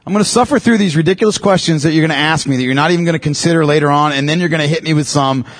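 Man, church teacher, husky voice, emphatic, repeats key lines, keeps asking "okay?". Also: fairly high pitch, racing. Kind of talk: classroom teaching on evangelism.

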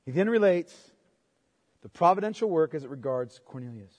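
A man's voice: fairly high pitch, expressive, brisk, darkish tone. A male pastor preaching an expository sermon in a church, speaking emphatically and checking in with his listeners through tag questions. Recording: long hall reverb.

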